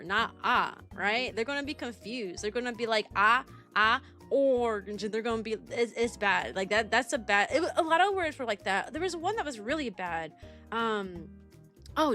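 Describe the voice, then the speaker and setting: A young woman streaming as a kindergarten teacher, chatting casually and animatedly with many fillers. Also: on the high side. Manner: rambling and animated, many fillers, laughs often. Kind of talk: casual livestream chat.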